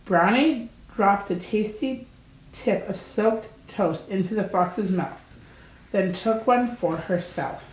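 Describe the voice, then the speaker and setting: A woman reading a children's story aloud, gentle and deliberate. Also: medium pitch. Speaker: storybook reader. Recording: roomy echo.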